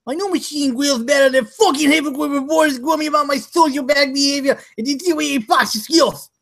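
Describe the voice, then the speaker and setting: A furious boxer barks a crude infomercial for a grill, as a man puts him on. The voice sits high and strained. It keeps swinging up into shouts and menace. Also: quick pace. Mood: menacing. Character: raging boxer pitching a grill, adult man.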